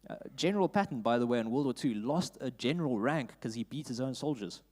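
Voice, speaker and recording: A man with a South African accent preaching a sermon in church, reading scripture and rising loud for emphasis. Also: mid-range voice, expressive, quick pace. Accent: South African English. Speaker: pastor. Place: church auditorium.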